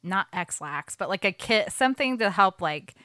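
A woman's voice: mid-range voice, lively intonation, moderate pace, pushed and bright, no echo, clean studio sound. A young woman telling a story in casual podcast chat, full of "like"s. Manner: chatty storytelling with many "like"s.

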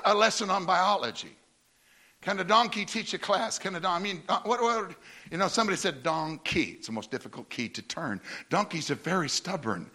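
A male preacher delivering a sermon in a high, very bright voice. His pitch swings widely as he tells his story, and he often stumbles into restarts and repeats words.

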